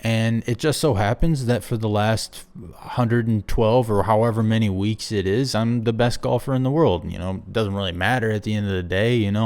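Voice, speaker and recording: A man's voice: on the low side, darkish tone. A man hosting his own show, musing aloud in a rambling, self-deprecating solo monologue. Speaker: show host.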